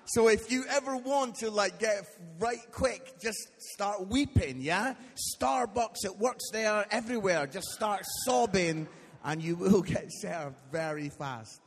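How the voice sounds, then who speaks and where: Scottish preacher in his forties, comic storyteller, husky and high, live church recording with hall echo. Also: animated, a little slow. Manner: jokey, tags lines with "yeah?", acts out quotes. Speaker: guest preacher. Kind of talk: humorous storytelling sermon.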